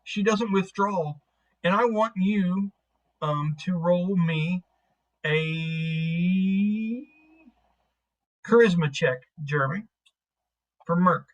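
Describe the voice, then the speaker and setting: A man's voice: high-pitched, takes it slowly, highs cut off. A man narrating as game master of a tabletop game, casual and profane, rambling through scenes.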